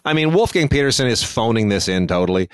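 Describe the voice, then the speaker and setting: A man's voice: medium pitch, lively intonation, quick pace, no echo, clean studio sound. A man co-hosting a casual film chat, opinionated and digressive, with frequent restarts. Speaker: film reviewer, podcast co-host.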